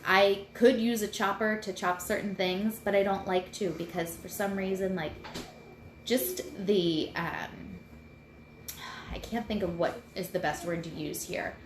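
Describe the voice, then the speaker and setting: A woman in her thirties talks casually on a live video from home, chatty and a little rambling. Her voice sits at a middle pitch and picks up the roomy echo of the space around her, with a faint hum of room noise behind it. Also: steady tone, measured pace. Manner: chatty and rambling, self-deprecating. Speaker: host sharing mindfulness tips. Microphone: computer mic.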